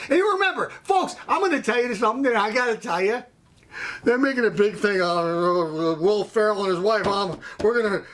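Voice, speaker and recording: This is a show host, an American man rambling through a lengthy, blunt story full of tangents in an opinionated monologue. He speaks with a high-pitched, fairly bright tone.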